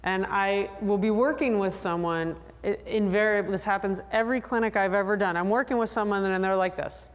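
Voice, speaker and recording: A woman psychologist giving a lively, chatty talk to a convention audience, drawing answers from the crowd. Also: brisk, hardly any pauses, clear, resonant tone. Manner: animated, chatty, acts out riders in high voices. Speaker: sports psychologist presenter. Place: large convention hall. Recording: long hall reverb.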